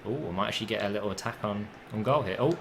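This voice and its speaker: A young man commentating on his own football video game match, casual and chatty, with swearing and sudden excited outbursts. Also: on the low side, racing, creaky, crowd noise. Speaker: gaming commentator.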